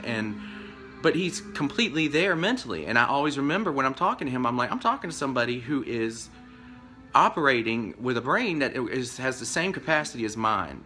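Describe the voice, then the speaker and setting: A man telling a story to his camera in a casual rant, rambling and acting out both sides of a conversation, his pitch jumping up when he gets upset. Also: sharp tone. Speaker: vlogger telling of being fired.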